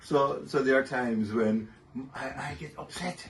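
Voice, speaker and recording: An older man sharing fatherhood stories in an interview, gentle and measured, chuckling often. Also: mid-range voice. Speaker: guest. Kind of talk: reflective interview storytelling. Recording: somewhat distant mic with faint noise.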